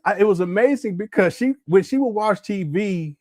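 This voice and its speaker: A man's voice: high-pitched, expressive, moderate pace, darkish tone, no room sound, studio quality. A man hosting a casual livestream, reading chat messages aloud and laughing often as he talks back to viewers.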